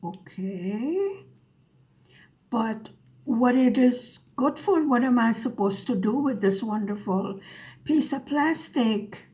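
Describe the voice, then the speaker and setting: A woman's voice: fairly high pitch, animated, slow, darkish tone. A woman vlogger telling a story in a dry, sarcastic way as she chats over her craft. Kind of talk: casual storytelling while diamond painting.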